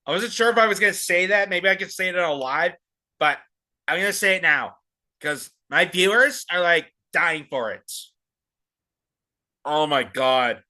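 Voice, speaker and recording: Guy with a high bright voice ranting sarcastic about politics. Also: lively intonation, normal speed. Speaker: political commentary host. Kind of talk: opinionated commentary.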